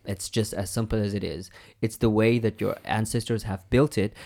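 A young man co-hosting a podcast in a loose, candid chat. His voice sits a little low. He talks with animated frankness, swears freely and breaks into laughter. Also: moderate pace, creaky. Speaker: podcast co-host. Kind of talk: casual chat.

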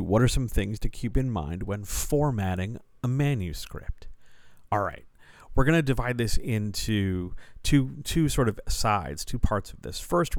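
A man with a fairly low voice talks through a listener question on his podcast in a loose, explanatory way. He hesitates, restarts, and drops in fillers as he thinks aloud, like a coach speaking off the cuff. The sound is dry and close, with no room echo. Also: a little mellow. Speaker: writing coach and developmental editor. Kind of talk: casual solo podcast Q&A.

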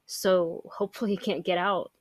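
Woman player, lower voice, bit hesitant, dry close mic. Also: fairly even intonation, moderate pace, dry recording. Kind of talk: in-character tabletop play.

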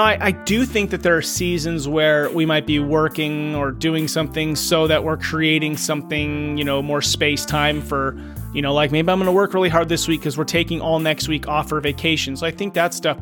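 A man's voice: on the high side, steady tone, normal speed, fairly bright tone, faint music behind. A middle-aged man hosting a solo podcast, thinking aloud in an earnest, questioning way. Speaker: podcast host. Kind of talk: reflective solo podcast monologue.

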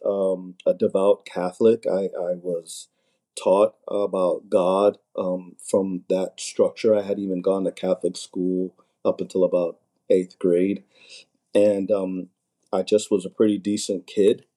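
Deep, mellow-voiced man speaking hesitantly. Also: flat delivery. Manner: measured, hesitant with "um" pauses. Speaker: guest, husband. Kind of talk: personal storytelling on a podcast.

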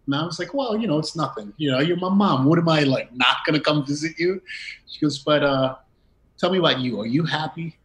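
A middle-aged man, a guest in a conversation, tells a personal story and acts out the quoted dialogue with bursts of laughter. His voice is fairly high and fairly bright, and he speaks a little fast, though the audio quality is poor.

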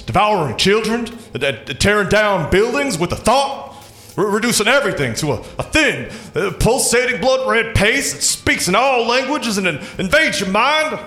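A man's voice: mid-range voice, pushed and bright, exaggerated voice. A man doing a stammering, haunted apocalypse survivor. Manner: stammering, rising into frantic horror. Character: traumatized male survivor of an apocalypse, ranting. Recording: roomy recording with faint music.

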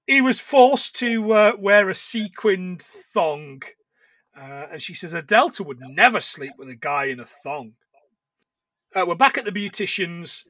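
A man co-hosting a podcast, recapping a film in casual chat, jokey and full of swearing and quick asides. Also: sits high, fairly bright tone, dry recording. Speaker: podcast co-host.

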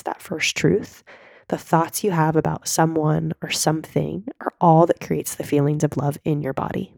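A woman in her thirties hosting a solo podcast, coaching listeners in an earnest, direct way while hoarse from a cold. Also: sits low, a little mellow, no room sound, studio quality. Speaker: podcast host and mindset coach.

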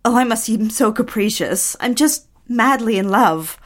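Andrea, nervous bride-to-be. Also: female voice, on the high side, expressive, a little slow. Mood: anxious. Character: young woman, nervous eager bride-to-be. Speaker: lead character. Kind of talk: audio drama acting.

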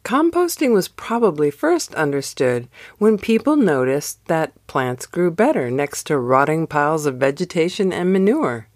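A woman hosting a devotional show, giving a slow, expressive scripted narration. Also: deep voice, dry recording, clean studio sound. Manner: slow, expressive storytelling read. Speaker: devotional podcast host.

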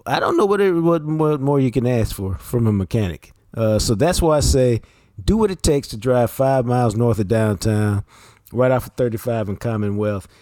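A man's voice: medium pitch, animated, moderate pace, mellow, no echo, clean studio sound. A man co-hosting a sports podcast, talking bluntly and emphatically with plenty of slang. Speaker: podcast co-host. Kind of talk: casual sports talk and ad reads.

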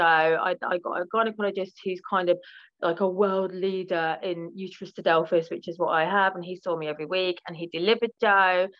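Chatty British woman, muffled lo-fi sound. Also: on the low side. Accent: British English. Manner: frank, talkative, many fillers and restarts. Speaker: interview guest. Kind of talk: candid podcast interview.

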